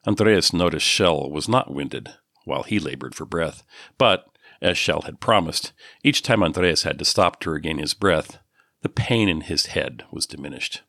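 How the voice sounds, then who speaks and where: A man reads an audiobook in a measured, descriptive way. His voice sits very low. The recording is dry and close, with no room sound. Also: expressive, sharp tone, no echo. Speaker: audiobook narrator. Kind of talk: scripted narration.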